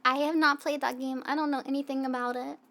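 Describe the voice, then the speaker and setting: High-voiced giggly streamer woman. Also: fairly even intonation, fast talker, fairly bright tone. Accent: Southern American. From United States. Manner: rambling, giggly, chatting with viewers. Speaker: VTuber streamer. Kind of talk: casual stream chat. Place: hot room at home. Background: faint background music.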